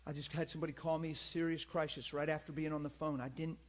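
Animated earnest male preacher. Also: quick pace. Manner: animated, acts out people in high pleading voices; earnest, repeats himself, asks listeners for agreement. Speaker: pastor and teacher. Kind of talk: conversational church teaching.

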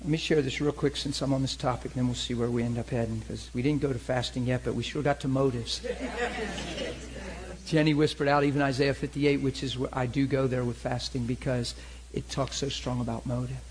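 A man preaching in an animated storytelling style, checking in with his listeners with frequent asides. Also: medium pitch, brisk, slight background noise, poor audio. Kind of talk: sermon-style teaching.

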